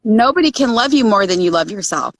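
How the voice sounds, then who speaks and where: A woman's voice: mid-range voice, expressive, fairly quick, a crowd in the background. A woman co-hosting a casual podcast chat, talking in an earnest, reflective, advice-giving way. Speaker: podcast co-host.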